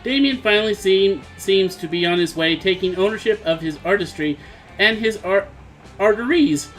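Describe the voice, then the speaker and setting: A man's voice: sits high, moderate pace, faint music behind, poor audio. A man reading visual novel narration aloud during a casual let's play stream. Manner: casual reading with slips and chuckles. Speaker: game player reading narration.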